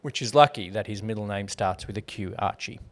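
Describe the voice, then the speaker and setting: A man's voice: on the low side, fairly bright tone. A man co-hosting a podcast, chatting casually and joking as he rates a film. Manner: joking, rambling, quick to laugh. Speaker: podcast co-host. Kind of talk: casual chat.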